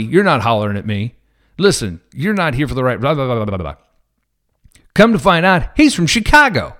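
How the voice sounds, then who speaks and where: Animated man telling a cop story. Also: mid-range voice. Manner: animated, acts out quoted people. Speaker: police officer. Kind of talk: casual storytelling to viewers.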